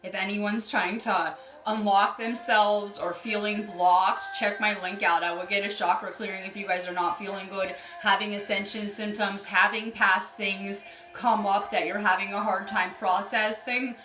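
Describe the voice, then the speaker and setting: A woman's voice: mid-range voice, steady tone, moderate pace, bright, forceful tone, reverberant. A woman doing a casual card reading on a live stream as a spiritual healer, chatty and upbeat, greeting viewers by name.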